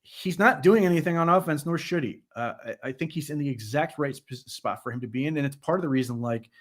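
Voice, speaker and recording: Man giving animated post-game football analysis. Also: fairly high pitch, fast. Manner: conversational, animated analysis with restarts. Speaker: sports podcast co-host.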